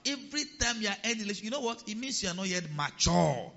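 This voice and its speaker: Lively preacher man. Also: high voice, racing, gravelly, in a large hall, highs cut off. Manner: lively, humorous, acts out quotes. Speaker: pastor. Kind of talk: sermon.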